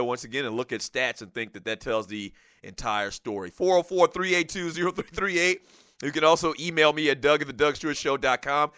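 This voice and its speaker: A man hosting a call-in sports talk show, talking in an animated, casual way, laughing often and dropping "man" into his sentences. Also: mid-range voice, clear, resonant tone, dry recording, studio quality.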